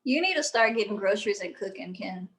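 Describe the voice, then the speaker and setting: A woman's voice: mid-range voice, expressive, quick pace. A woman co-hosting a podcast in a casual chat, talking in a chatty, matter-of-fact way. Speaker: podcast co-host.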